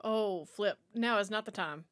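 A woman's voice: medium pitch, normal speed, fairly bright tone. A woman giving a chatty, sassy running commentary while watching a film. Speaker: movie watch-along host.

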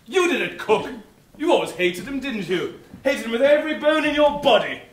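A man's voice: very high-pitched, moderate pace, a little hiss or hum. A man playing a bumbling, theatrical inspector. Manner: theatrical, lively, mock-grand. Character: pompous bumbling male police inspector. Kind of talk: amateur stage comedy acting. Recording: echoey theatre hall from far off.

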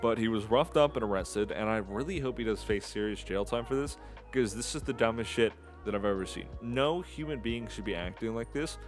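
A man's voice: fairly low pitch, brisk, soft background music. A young man giving angry, profane commentary on a video clip, exasperated and ranting. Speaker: commentary YouTuber.

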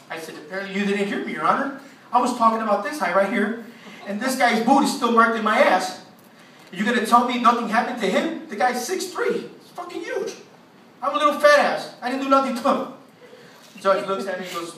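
Male stand-up comic, high and sharp-toned, profane storyteller; roomy, distant recording. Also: animated, brisk. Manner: profane, laughing at his own story. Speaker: stand-up comedian. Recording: echoey room from far off.

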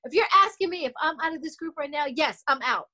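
A woman's voice: high voice, quick pace, pushed and bright. A middle-aged woman, a singer being interviewed, speaking bluntly and emphatically, swearing freely and acting out what others said. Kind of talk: candid interview chat.

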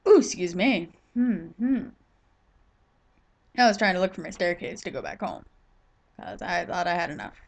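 A woman's voice: lowish voice, expressive, moderate pace, gravelly, long pauses. A woman giving casual, rambling gameplay commentary while tired and yawning, chatting to herself as she plays. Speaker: gaming YouTuber.

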